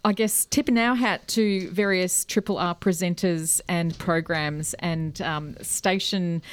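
A woman's voice: on the low side, fairly even intonation, takes it slowly, few pauses, clear, resonant tone. A woman with an Australian accent hosting a community radio show in a friendly way, laughing easily and using fillers. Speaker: radio host.

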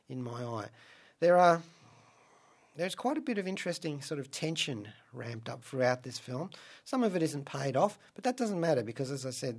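A man hosting a radio show, reviewing films in a casual, rambling, wry way. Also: medium pitch. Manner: rambling and wry, many asides. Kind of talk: casual film review monologue.

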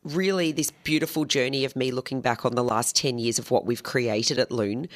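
A woman's voice: extremely low pitch, normal speed. A woman, a bakery founder, chatting enthusiastically in an interview. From Australia. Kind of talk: casual interview chat.

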